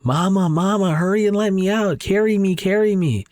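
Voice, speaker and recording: A man's voice: high-pitched, moderate pace, darkish tone, no echo, clean studio sound, pitched above the performer's own voice, natural voice. A man voicing a cursed two-year-old girl in a dramatic reading of a horror manga, pleading in a singsong way. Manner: singsong, begging.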